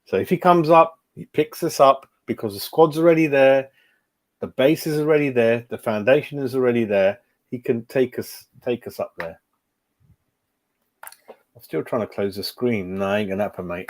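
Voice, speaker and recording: A man's voice: medium pitch, moderate pace. A man hosting a live fan stream, chatting casually and muttering to himself while he fiddles with his computer. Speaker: fan channel host.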